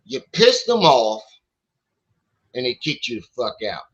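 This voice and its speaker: A man's voice: medium pitch, sing-song, unhurried, dull audio. A man hosting a livestream, telling profane stories in casual chat and acting out what other people said. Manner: profane, storytelling, acts out quotes. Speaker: livestream host.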